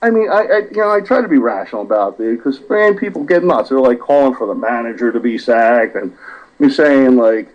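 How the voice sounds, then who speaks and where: A man's voice: medium pitch, expressive, a little fast. Profane ranting man, muffled. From South Jersey, USA. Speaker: regular caller. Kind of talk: casual podcast chat.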